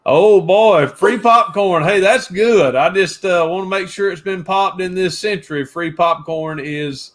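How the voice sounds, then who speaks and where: A man with a high voice and a drawl, chatting on a casual livestream. He talks like a preacher: loud, projecting and folksy, greeting viewers one by one. His tone is easygoing and informal. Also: a little slow, few pauses. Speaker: pastor and co-host of a reseller livestream.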